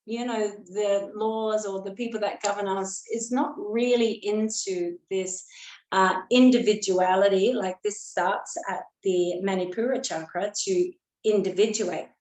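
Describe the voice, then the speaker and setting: Chatty woman yoga teacher, echoey room. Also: medium pitch. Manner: loose and chatty, with filler words and frank asides. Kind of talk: casual spoken yoga class talk.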